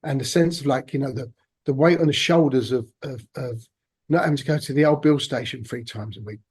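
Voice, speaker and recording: A man, a podcast guest telling his own story in a halting, reflective way. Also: mid-range voice, a little mellow, breathy edge. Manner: halting, reflective, many restarts. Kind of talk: personal storytelling interview.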